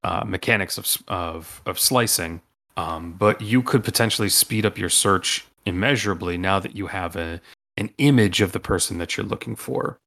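A man's voice: low-pitched, normal speed, creaky, a bit bright. A man running a tabletop role-playing game as game master, rambling with many ums and restarts.

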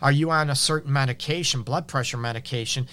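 A man's voice: medium pitch, fast, pushed and bright. A man with a Detroit accent hosting a relationship advice show, talking frankly and conversationally with many fillers. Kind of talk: casual advice talk.

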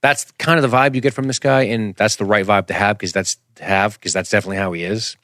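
A man hosting a podcast, reviewing a film in an animated, rambling, jokey casual chat. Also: fairly low pitch, fast talker, no echo, clean studio sound. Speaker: podcast host.

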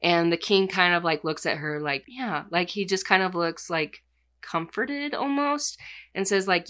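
Bright, chatty woman retelling a story. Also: lowish voice, unhurried. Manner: chatty, filler-heavy, says "like" constantly. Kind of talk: casual plot retelling.

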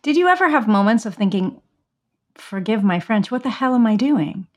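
A woman's voice: medium pitch, very animated, normal speed. A woman hosting a podcast, asking her guest curious, prompting questions. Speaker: podcast host. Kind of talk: interview questions.

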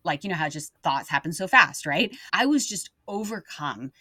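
Her voice is on the low side and her pace normal, captured in studio quality without any room sound. This young adult woman co-hosts a casual faith podcast, sharing earnest stories and acting out other people's words with animation.

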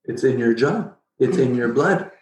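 Middle-aged man, mid-pitched, guest telling a story with a joking streak, recorded in a roomy, echoey space. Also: moderate pace, a little hiss or hum. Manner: animated, jokey, acts out his own past reactions. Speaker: podcast guest. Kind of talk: casual storytelling interview. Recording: roomy echo.

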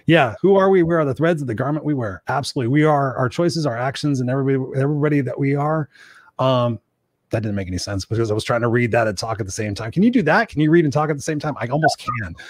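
A man's voice: medium pitch, expressive, fast, no echo. A man in his fifties hosting a live-streamed talk show, chatty and joking, swearing freely. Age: 50s. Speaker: host. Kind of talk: casual live-stream chat.

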